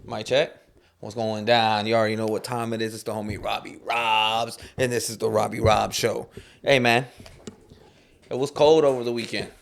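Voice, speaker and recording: A man's voice: lowish voice, little pitch movement, moderate pace, gravelly, slight background noise. A man hosting his own podcast from a room at home, chatting loosely in slang and telling stories. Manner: loose, slangy, storytelling with acted-out quotes. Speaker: podcast host. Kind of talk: casual chat.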